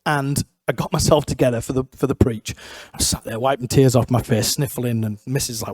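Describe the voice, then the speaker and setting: A young man, telling his life story in a church, lively and self-mocking, acting out the voices of the people in it. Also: mid-range voice, fast, breathy edge, dry recording. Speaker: guest speaker sharing testimony. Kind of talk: testimony storytelling.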